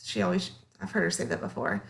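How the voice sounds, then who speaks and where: A woman's voice: fairly low pitch, steady tone, quick pace, vocal fry. Casual woman teaching history. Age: 30s. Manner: casual, chatty, filler-heavy, asks the class questions. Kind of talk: classroom lecture.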